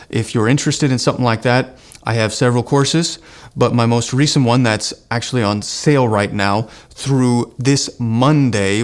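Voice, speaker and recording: A man, teaching an online singing lesson in an earnest, encouraging way. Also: medium pitch. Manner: earnest, encouraging, breaks into sung exercise demos. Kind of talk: online vocal lesson with sung demonstrations.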